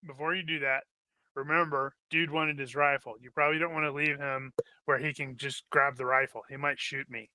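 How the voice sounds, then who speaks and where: A man's voice: medium pitch, flat delivery, a little fast, sharp tone, poor audio. A man playing a tabletop game, chatty and joking with the table. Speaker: player.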